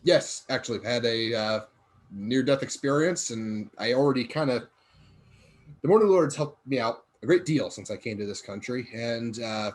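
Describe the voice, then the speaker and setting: A man's voice: mid-range voice, lively intonation, moderate pace, natural voice. A man voicing an earnest male archaeologist, a recent religious convert, speaking hesitantly with many fillers.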